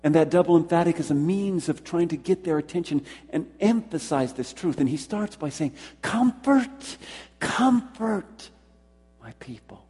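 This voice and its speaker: A man preaches in a husky, mellow voice, pitched a little above the usual. He stresses his points by repeating words and asks the congregation questions directly. The sound rings out with a long hall reverb. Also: a little fast, few pauses. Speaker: pastor. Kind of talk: sermon.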